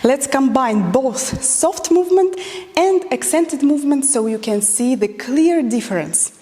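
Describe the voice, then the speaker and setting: A woman's voice: sits high, animated, a little slow, mellow. A woman teaching a dance lesson, counting beats aloud as she demonstrates moves and explains common mistakes. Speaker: dance instructor. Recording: long hall reverb.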